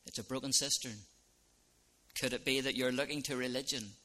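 A man preaching an evangelistic sermon as a minister, earnest, dropping to soft lines and rising to loud ones. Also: medium pitch, steady tone, fairly quick.

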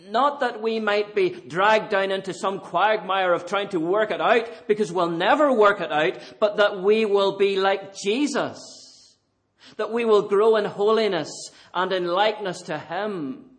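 Male preacher, high voice, slow deliberate delivery, fervent sermon in a church. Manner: rises to fervent emphasis, then drops to quiet intensity.

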